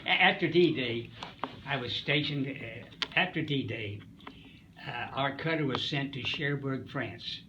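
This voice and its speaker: A Springfield, Missouri, USA native in his nineties, this wartime Coast Guard veteran speaks slowly in a mid-range voice. The audio is dull with background noise, and in this storytelling interview he rambles in a folksy way, pausing and hesitating.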